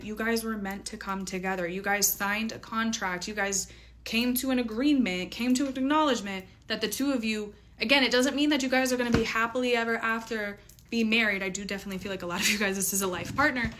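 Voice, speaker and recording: Woman doing a chatty tarot reading, lots of likes and giggles, mid pitch, bit of background hiss. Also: bright, forceful tone. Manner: chatty, filler-heavy, playful. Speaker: tarot reader. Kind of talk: casual tarot reading to viewers.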